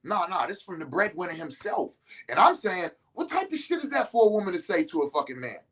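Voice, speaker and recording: Middle-aged guy ranting on his podcast, cussing, pitch all over the place, preachy. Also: quick pace, slightly rough. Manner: animated, profane, preachy, jumps between calm and shouting. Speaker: podcast host. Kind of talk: opinionated monologue to male listeners.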